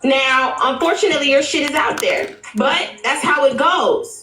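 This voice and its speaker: A woman's voice: high-pitched, moderate pace, pushed and bright, a little hiss or hum. A woman on a live stream defending herself, insistent and talking over others. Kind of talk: heated casual live-stream argument. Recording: echoey room.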